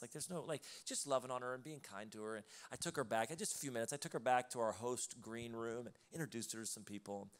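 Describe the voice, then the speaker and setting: A man's voice: mid-range voice, fast talker, hardly any pauses. A male pastor preaching a live sermon in a church, telling stories in a loose conversational way with laughing asides. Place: church auditorium, live service.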